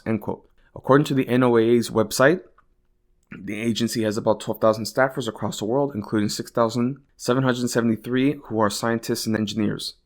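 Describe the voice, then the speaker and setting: A man's voice: medium pitch, fairly even intonation, a little fast. A man hosting a podcast who reads news quotes aloud and reacts with exasperated, profane commentary, full of "like" and "you know". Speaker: podcast host. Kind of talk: casual political commentary.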